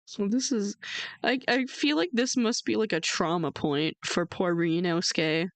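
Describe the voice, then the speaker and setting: A woman's voice: medium pitch, fairly even intonation, measured pace, dry recording. A woman streamer giving playful, chatty commentary while playing a game. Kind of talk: let's play commentary.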